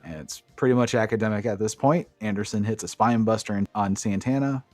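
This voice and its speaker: A lower-pitched man talks through a match recap with a casual, profane enthusiasm, jumping into play-by-play. His voice sits close and dry on the mic, with faint music somewhere underneath. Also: a little fast, a little mellow, no echo. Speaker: podcast co-host.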